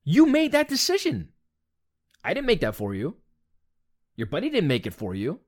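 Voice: medium pitch, wildly swooping pitch, normal speed, darkish tone. Blunt, exasperated ranting commentator. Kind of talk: opinion rant monologue.

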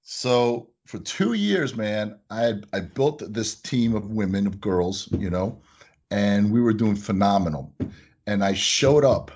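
Husky, animated man telling stories. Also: lowish voice, slow pace, muffled recording. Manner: animated, acts out voices in anecdotes. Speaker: business owner, guest. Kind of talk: casual interview storytelling.

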